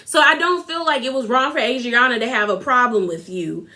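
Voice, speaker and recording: A woman's voice: a little high, brisk, sharp tone. A young woman recapping a reality TV episode in casual, gossipy chat, giving her opinions and talking straight to her viewers.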